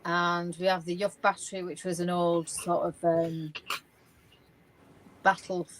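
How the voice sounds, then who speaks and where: A woman's voice: lowish voice, a little slow, slight background noise, rough recording. A woman, chatting casually and laughing as a podcast co-host. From England. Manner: lively, laughing, explains local names. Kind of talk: casual chat.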